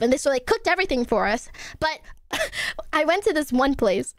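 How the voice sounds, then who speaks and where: A young woman streamer telling stories to her chat in an animated, swearing, laughing way. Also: high voice, normal speed, dry recording. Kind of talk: casual stream chat to viewers.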